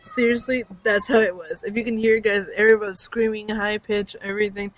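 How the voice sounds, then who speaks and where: A woman's voice: mid-range voice, fairly even intonation, normal speed. A young woman fan chatting casually to her listeners, bubbly and rambling with lots of likes and ums. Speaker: fan podcaster. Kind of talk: casual chat.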